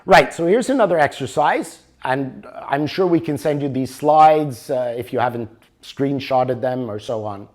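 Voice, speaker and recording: An older man teaching a motivational workshop, animated and always checking for agreement with the audience. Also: mid-range voice, a little slow. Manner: animated, keeps asking for agreement. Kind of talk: workshop lecture.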